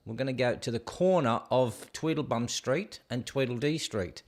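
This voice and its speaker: A man's voice: medium pitch, normal speed. A man hosting a casual show, rambling and joking as he stumbles over hard place names. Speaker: show host. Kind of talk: casual rambling video commentary.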